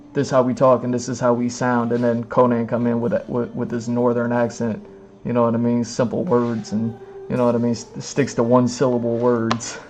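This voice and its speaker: A man streaming live as he reads comics aloud, rambling and filling every pause with "like" and "you know what I mean". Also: mid-range voice, darkish tone. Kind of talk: casual live-stream commentary.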